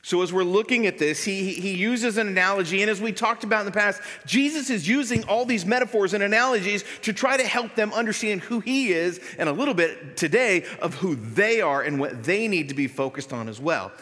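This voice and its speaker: Male pastor, bright and higher-pitched, casual preaching style, long hall reverb. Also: fairly quick, hardly any pauses. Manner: conversational preaching, animated when voicing the disciples. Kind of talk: sermon. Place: church sanctuary.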